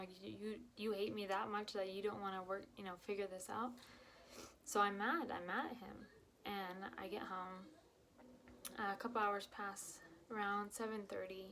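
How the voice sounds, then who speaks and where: Young woman, mid-pitch, raw and halting personal storyteller, slips into whispers, faint background noise. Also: a bit bright. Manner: emotional, halting, many fillers and restarts; drops to whispers at painful moments. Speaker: vlogger telling her own story.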